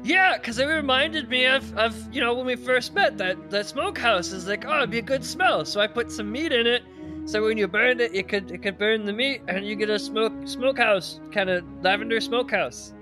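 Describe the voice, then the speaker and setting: High-pitched guy rambling in character, tripping over his words, music underneath. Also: moderate pace. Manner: rambling, excitable, many restarts. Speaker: player. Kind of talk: tabletop role-play in character.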